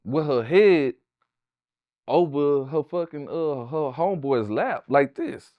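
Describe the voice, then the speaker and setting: A man from Houston with a Southern Texas accent, a guest telling his life story in a casual, animated, profane way. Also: slow, no echo, muffled recording. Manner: animated, profane, raises pitch for quoted voices. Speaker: interview guest, tattoo artist.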